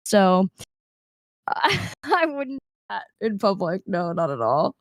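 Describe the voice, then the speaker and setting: A woman's voice: mid-range voice, very animated, takes it slowly, dry recording, clean studio sound. A young woman guest on a video call, chatting casually with laughs and acting out the people in her stories. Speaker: guest streamer. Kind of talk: casual interview chat.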